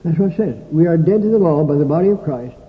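A man's voice: on the high side, lively intonation, quick pace. An older man preaching a sermon in a folksy storytelling manner with dry humorous asides. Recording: tinny, echoey old hall recording.

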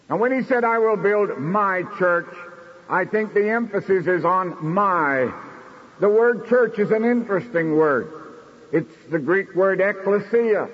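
A man preaching a sermon in a measured, declamatory way, slowing down for emphasis. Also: high voice, husky. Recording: dull recording in a reverberant hall.

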